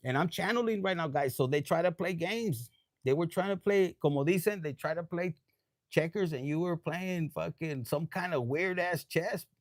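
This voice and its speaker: A man's voice: a little high, moderate pace, dry recording, clean studio sound. A man giving a casual live tarot reading, tipsy, loose and profane, dropping Spanish phrases. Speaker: tarot reader.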